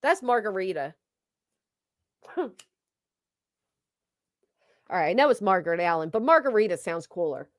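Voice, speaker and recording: A woman's voice: mid-range voice, big pitch swings, a little slow, long pauses, no echo, studio quality. A woman streamer giving blunt, sarcastic, profane gossip commentary while reading her chat, on a desk microphone. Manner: blunt, sarcastic, heavy cursing. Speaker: livestream commentator. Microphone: streaming desk mic.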